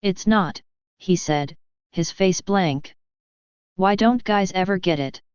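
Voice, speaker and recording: A woman narrating a novel in the first person as an audiobook reader, with slow, even storytelling. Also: lowish voice, clean tone, dry recording. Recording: slightly dull, dry close recording.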